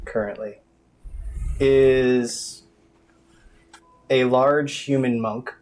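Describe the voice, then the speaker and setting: A man's voice: medium pitch, steady tone, very slow, a little mellow, faint music behind. Hesitant man describing his character. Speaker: tabletop game player.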